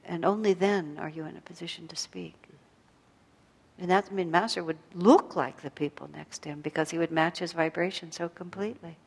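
Her voice fairly low, gravelly and husky, this spiritual teacher speaks a little fast in a steady tone during an evening talk to a gathered group. She shares reflective stories about herself with self-deprecating light laughs, and a long reverb tail trails her speech.

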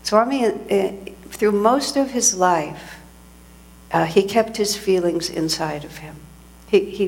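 A woman's voice: lowish voice, darkish tone. Woman giving a reflective sermon. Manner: reflective storytelling with frequent restarts.

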